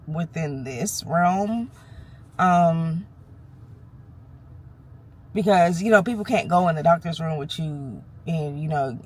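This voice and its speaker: A woman vlogging candidly while nervous, telling a fired-up, frank story with cursing. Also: low voice. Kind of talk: candid vlog. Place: parked car or doctor's office.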